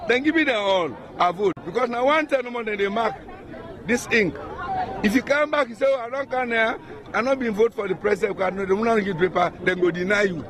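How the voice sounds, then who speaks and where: A man's voice: high-pitched, a little fast. A man with a Krio-influenced Sierra Leonean accent, a presidential candidate speaking insistently and repetitively in an impromptu outdoor interview. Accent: Sierra Leonean Krio-influenced English. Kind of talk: impromptu election-day interview. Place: outdoors in a town. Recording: outdoor crowd noise.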